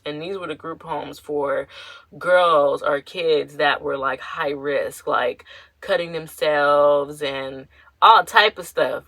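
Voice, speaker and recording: A woman's voice: sits low, sharp tone, dry recording, low-quality recording. A young woman hosting her own podcast, talking candidly and rambling, with lots of fillers and slang. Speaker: podcast host. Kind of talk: casual personal podcast talk.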